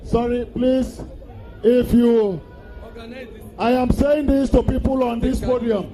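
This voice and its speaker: A man's voice: very high-pitched, fairly even intonation, slow pace, dark tone. A man speaking from the podium of an outdoor political rally, making formal, polite requests. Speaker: party official on the podium.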